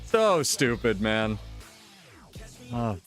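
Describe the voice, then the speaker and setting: A man's voice: mid-range voice, big pitch swings, very slow, a bit bright, faint music behind. A male streamer from the United States in casual live-stream chat, ranting with lots of swearing and exasperation.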